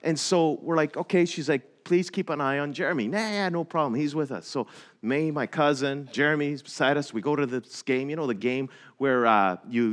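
A man's voice: medium pitch, a bit bright. A middle-aged man preaching a sermon, telling a personal story and building to impassioned emphasis. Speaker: pastor.

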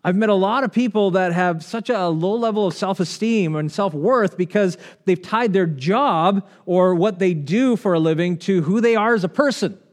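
A man's voice: high voice, normal speed, hardly any pauses. A man preaching a conversational sermon, reading scripture and asking the congregation questions. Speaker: pastor.

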